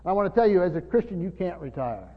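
A man's voice: high voice, sing-song, fast. Older male pastor preaching, reverberant hall. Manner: earnest teaching with frequent restarts and stammered repeats. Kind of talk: sermon. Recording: dull lo-fi sound with long church reverb.

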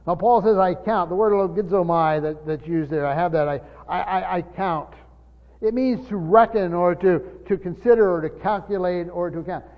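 At normal speed and in a high voice, an older pastor delivers a sermon, teaching in earnest. Restarts and repeated words happen often. The recording sounds dull and lo-fi, with a long reverb tail from the church.

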